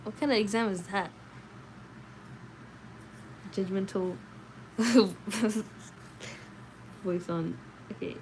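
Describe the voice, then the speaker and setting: A woman's voice: mid-range voice, fairly even intonation, extremely slow, long pauses, a little mellow, slight background noise, low-quality recording. Sleepy woman reading aloud late at night. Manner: sleepy, chatty, answers chat comments. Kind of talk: late-night read-aloud and casual chat.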